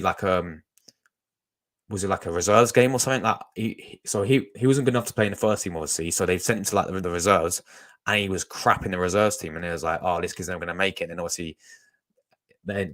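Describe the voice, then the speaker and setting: A man's voice: low-pitched, fairly bright tone. A young man, chatting casually to his live-stream audience as a fan channel host, rambling with lots of restarts. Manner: rambling, chatty, talks to chat, restarts a lot.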